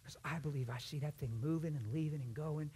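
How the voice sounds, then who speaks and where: High-voiced man preaching with wide swings. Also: a little fast, slightly rough. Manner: swings from hushed whispers to loud shouted emphasis; acts out conversations in other voices. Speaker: guest preacher. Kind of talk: sermon. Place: church.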